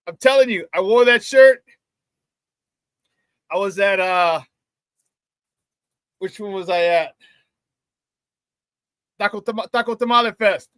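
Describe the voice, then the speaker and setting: A man hosting a live sports talk show, hyped and loud, with casual slangy banter as he reads out chat shout-outs. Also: high voice, measured pace, long pauses, clean tone, dry recording.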